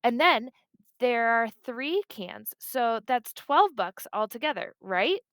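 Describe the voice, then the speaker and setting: Brief: woman doing an eager, hesitant eight-year-old girl, high voice with some fry, dry close read. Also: big pitch swings, slow pace, a bit bright, no room sound, heavily acted.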